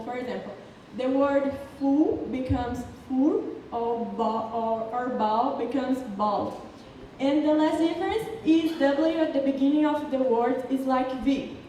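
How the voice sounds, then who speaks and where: Speaking English with a Brazilian Portuguese accent, this woman explains her prepared student presentation carefully, occasionally tripping over words. Her voice sits high and has a dark tone. The setting is a large city council chamber, picked up from a distance in echoey space with faint background noise.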